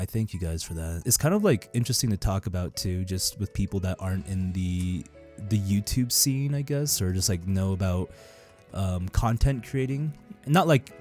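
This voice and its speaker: A young man chatting casually and upbeat while playing a game, full of fillers and quick laughs. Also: deep voice, darkish tone. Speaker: gaming YouTuber and streamer. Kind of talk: casual gameplay commentary.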